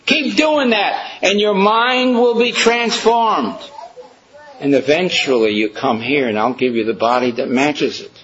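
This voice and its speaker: A man voicing a wise, calm great one who speaks in a measured, instructive way. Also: fairly high pitch, highs cut off.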